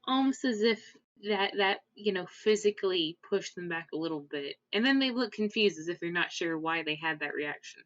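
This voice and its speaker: A woman's voice: lowish voice, lively intonation, moderate pace, hardly any pauses, fairly bright tone, no room sound. A woman narrating as game master, describing scenes thoughtfully with frequent fillers, on dull lo-fi audio.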